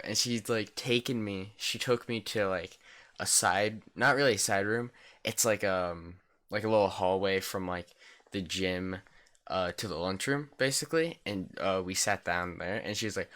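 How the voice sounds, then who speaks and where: A teenage boy rambling through a casual storytime vlog, swearing freely and filling every pause with "like". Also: on the low side, fairly bright tone.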